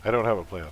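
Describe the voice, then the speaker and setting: A man from Canada with a mild Canadian accent, chatting casually as he streams a game and reads its text aloud. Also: low-pitched. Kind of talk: casual live-stream commentary.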